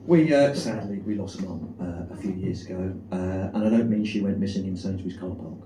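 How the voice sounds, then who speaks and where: Self-deprecating middle-aged South London comic. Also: male voice, low-pitched, fairly quick. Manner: self-deprecating, deadpan with frequent fillers. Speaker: stand-up comedian. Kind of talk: stand-up comedy set. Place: comedy club stage with live audience. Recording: echoey room, mic far off, noisy.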